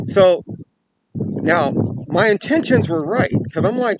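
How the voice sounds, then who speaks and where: A man hosting a self-defense channel, telling a personal story in an earnest way and growing animated, often checking in with "okay" and "right". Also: fairly high pitch, a little slow. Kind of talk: storytelling to camera.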